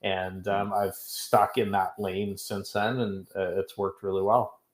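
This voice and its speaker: A middle-aged man from Canada talks as a guest in an interview. He tells stories in a chatty, self-joking way. His voice is low, and the room around him echoes. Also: level tone, measured pace. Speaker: podcast guest, business coach. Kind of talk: casual interview talk.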